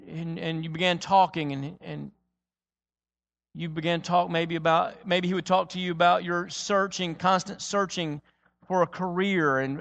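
High-voiced preacher in a reverberant hall. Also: male voice, vocal fry. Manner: dramatic, swings between loud emphasis and soft low delivery. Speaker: pastor. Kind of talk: sermon. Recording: long reverb of a large hall.

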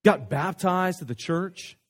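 In a high-pitched voice and at a slow pace, a pastor recounts a story from the pulpit, animated and chatty, with many restarted sentences.

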